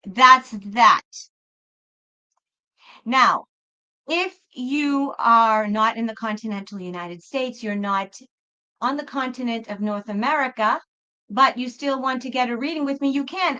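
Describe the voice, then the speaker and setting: A woman with a slightly high, sharp yet clean voice chats casually on her tarot live stream, rambling and repeatedly cutting herself off to begin again. The recording is rough.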